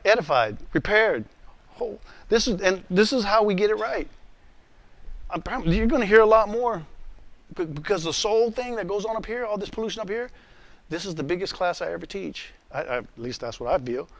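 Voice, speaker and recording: Male pastor, earnest, stammers and repeats, slightly high voice, dry close sound. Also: animated, moderate pace, no room sound. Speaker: pastor teaching a class. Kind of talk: emotional teaching talk. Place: room with a class.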